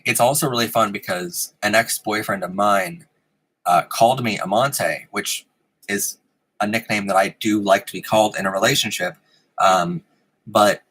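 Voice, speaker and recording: A man's voice: lowish voice, bright, forceful tone, breathy edge, low-quality recording. A man hosting a live stream in casual chat, giggling often and rambling with frequent ums, in a room with a fan running. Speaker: host of a live-streamed show.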